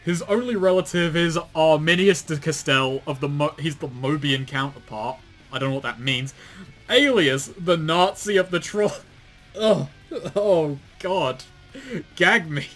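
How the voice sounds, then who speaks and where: Sardonic higher-voiced man mocking a wiki. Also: a little slow, fairly bright tone, faint music behind. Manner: sardonic, swears and laughs often. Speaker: commentary co-host. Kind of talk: casual reading and mocking commentary.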